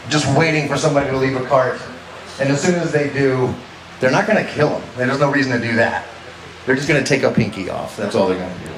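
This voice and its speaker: Recorded at a distance in a comedy club, a man with a mid-range voice chats his way through a stand-up set, often turning to the live audience with "right?". The venue sounds roomy, and there's faint noise.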